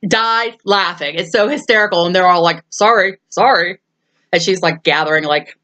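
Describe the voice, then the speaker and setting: Laughing often, this woman chats through a casual movie review, replaying scenes and performing the quoted dialogue. She sounds low, brisk, bright, and forceful.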